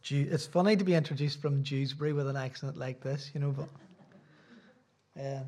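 A man's voice: medium pitch, normal speed, darkish tone. A middle-aged Irish man, a visiting preacher, giving a sermon in a church with rambling, self-deprecating asides. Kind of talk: sermon with casual chat.

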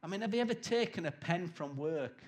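A man's voice: sits high, expressive, fairly quick, darkish tone. A man preaching a sermon in a conversational, emphatic way, acting out quoted voices.

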